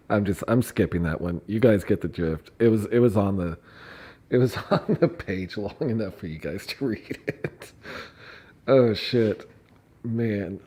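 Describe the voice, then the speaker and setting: A man's voice: fairly low pitch, warm tone. A man hosting a casual commentary livestream, reading documents aloud with laughing fits, swearing and mocking asides. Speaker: streamer reading court filings.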